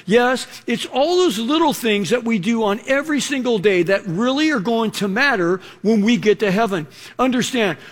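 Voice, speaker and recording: A man's voice: very high-pitched, a bit bright. A middle-aged man preaching a sermon as pastor, in a loose conversational way, full of "you know" asides. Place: Los Angeles church.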